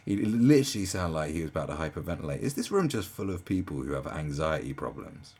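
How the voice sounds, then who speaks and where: A man's voice: a bass voice, sing-song, fast talker, a little mellow. A man giving casual reaction commentary in an incredulous, mocking way, laughing often.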